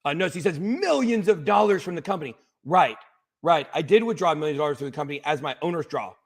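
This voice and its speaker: A man on a livestream speaks straight to his viewers, emotional and insistent, saying the same lines over and over to drive them home. His voice is fairly high and husky. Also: expressive, quick pace. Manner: emotional, insistent, repeats himself. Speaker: streamer.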